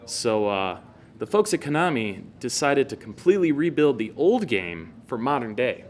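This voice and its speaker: A man's voice: mid-range voice, big pitch swings, normal speed, a little hiss or hum. Eager man talking games. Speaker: co-host. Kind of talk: casual game talk.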